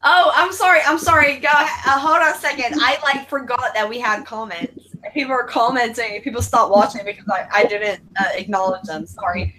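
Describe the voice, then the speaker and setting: An American woman co-hosting a casual livestream chat on a video call, loud and laughing, swearing freely. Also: a little high, steady tone, brisk, low-quality recording. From United States. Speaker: podcast co-host.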